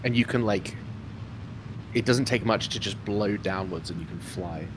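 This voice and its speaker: A man's voice: on the low side, normal speed, noisy background. A man hosting a casual podcast chat, asking the questions and spinning joking scenarios. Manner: joking, animated storyteller.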